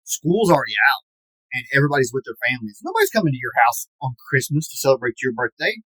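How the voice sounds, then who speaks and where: A man's voice: medium pitch, big pitch swings, fast talker, pushed and bright, husky, no echo, rough recording. A man in his forties delivering a mock-serious, self-pitying comedic rant as an aggrieved podcast fan, stretching words for dramatic emphasis. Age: 40s.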